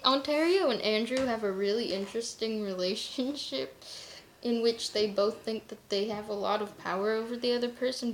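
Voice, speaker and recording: A woman with a slightly high voice talks casually to camera, rambling and cursing freely. She often breaks into laughter. The sound rings in an echoey room. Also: slight background noise. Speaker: vlogger. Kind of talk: casual chat.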